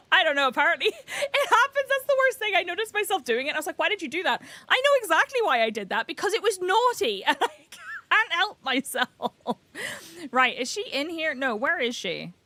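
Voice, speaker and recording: A woman's voice: very high voice, sing-song, moderate pace, bright, forceful tone, no echo. A young British woman chatting casually and giggling as she streams a farming game. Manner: giggly, chatty, self-mocking. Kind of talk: casual game livestream chat.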